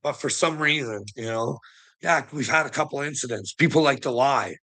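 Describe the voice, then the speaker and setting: A man's voice: mid-range voice, moderate pace, sharp tone. Swearing man ranting bitterly. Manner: heavy swearing, bitter and indignant. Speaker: streamer. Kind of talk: angry livestream rant.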